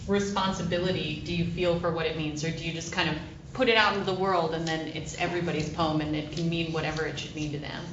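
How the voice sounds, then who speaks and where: A woman's voice: sits low, steady tone, fast. A woman interviewing an author, asking curious, friendly questions. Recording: distant, echoey, dull, noisy room.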